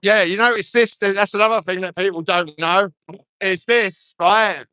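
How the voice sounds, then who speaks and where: A man's voice: high voice, steady tone, moderate pace, sharp tone, clean tone, no echo. Chatty older man streaming outdoors by phone. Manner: chatty, blunt, jokey. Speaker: livestreamer at a march. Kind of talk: casual live-stream chat. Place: outdoors at a crowded street march. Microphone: handheld phone.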